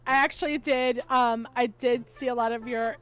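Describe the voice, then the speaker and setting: A woman hosting a casual chat, giggly and gushing, acting out her own reactions in a squeaky voice. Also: steady tone, moderate pace, fairly bright tone. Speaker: host.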